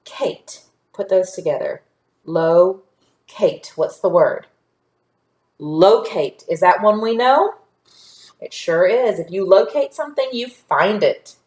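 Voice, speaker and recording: A woman teaching a phonics lesson to young children, patient and sounding out word parts slowly. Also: mid-range voice, animated, a little mellow. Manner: slow, patient, stretching out sounds. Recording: echoey room.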